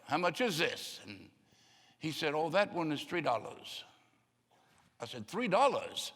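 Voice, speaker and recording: A man's voice: on the high side, very animated, unhurried, fairly bright tone, slightly rough. An older man preaching a sermon in a folksy storytelling way, often acting out the voices of people he quotes. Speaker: pastor. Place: church sanctuary. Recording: long hall reverb.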